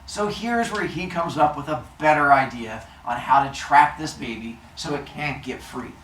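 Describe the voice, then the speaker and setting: A man's voice: a little high, normal speed, a bit bright. A man telling myths to a live audience in a playful, joking way, quizzing his listeners as he goes, recorded from a distance in an echoey room with faint noise. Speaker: storyteller. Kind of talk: lively storytelling to a live audience.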